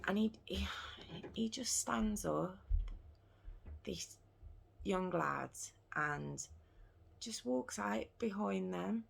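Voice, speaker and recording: A woman's voice: medium pitch, animated, extremely slow, gravelly, pauses often, breathy edge. A woman recounting a true crime case in an earnest, casual retelling. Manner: earnest, retelling events in her own words.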